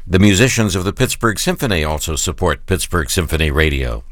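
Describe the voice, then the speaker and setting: A man reading scripted sponsor announcements for a radio program in a measured way. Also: sits low, animated, very noisy. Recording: radio spot with music bed.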